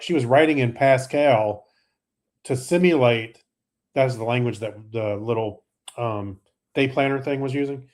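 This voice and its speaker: A man's voice: medium pitch, a little mellow. An older man co-hosting a tech podcast, chatting casually and telling a rambling story with easy laughs. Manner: chatty, laughs easily, tells rambling anecdotes. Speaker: podcast co-host.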